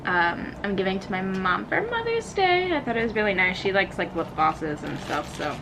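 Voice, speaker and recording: A woman's voice: mid-range voice, big pitch swings, moderate pace, noisy background. A woman in her twenties chatting casually to the camera in a vlog, bubbly and giggly. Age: 20s. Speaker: vlogger.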